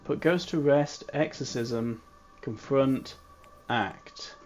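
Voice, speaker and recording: A man's voice: mid-range voice, takes it slowly, darkish tone, soft background music. Man musing through a story game. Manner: musing aloud, joking asides. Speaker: gamer playing a story game. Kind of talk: casual game commentary.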